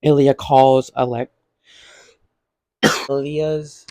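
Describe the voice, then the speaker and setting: A man's voice: medium pitch, level tone, drawn-out words, a little mellow, no echo. A man casually recapping a TV episode in a vlog, rambling with lots of "like" and acting out what characters say. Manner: rambling, heavy use of "like", acts out quotes. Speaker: vlogger.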